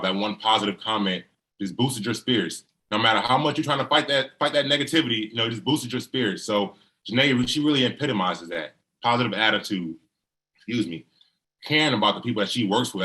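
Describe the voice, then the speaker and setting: Earnest man, low and bright-toned. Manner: earnest and folksy, peppered with "you know". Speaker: husband giving a tribute speech. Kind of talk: speech on a video call. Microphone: video call.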